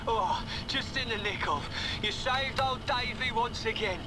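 A man's voice: extremely high pitch, measured pace, noisy background. An actor playing an eccentric, stoned English man obsessed with chakra stones, talking in a chatty, cheeky, fretful way with a Cockney accent. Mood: anxious. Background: game music.

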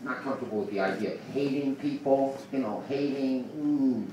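Warm in tone and mid-range in pitch, a male comedian moves at a moderate pace through a rambling open-mic set, shifting between mumbles and rants. It was recorded from far away in a small club with noise and echo.

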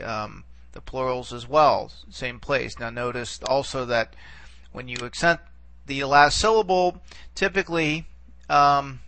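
A male teacher talks through a recorded lesson with a gravelly, slightly fried edge to his voice. His tone is bright and forward, and he explains patiently, pausing often to check in with an easy "okay". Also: mid-range voice, no echo. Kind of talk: recorded lecture.

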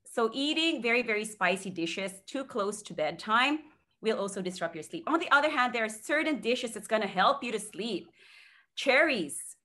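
A woman's voice: a little high, lively intonation, moderate pace, bright, forceful tone. A woman guest on a podcast, giving sleep advice in a chatty way and laughing between points.

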